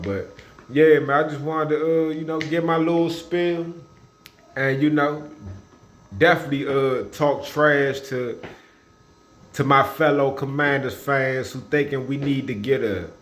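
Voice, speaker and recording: Blunt, swearing football fan ranting. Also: male voice, fairly high pitch, moderate pace, a bit bright, a little hiss or hum. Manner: blunt, repetitive, trash-talking, swears often. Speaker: sports vlogger. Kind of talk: casual opinionated rant.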